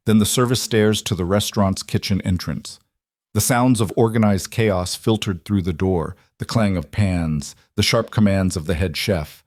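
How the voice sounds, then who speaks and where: A man narrating a scripted drama in a steady, measured way. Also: fairly low pitch, dry recording, studio quality.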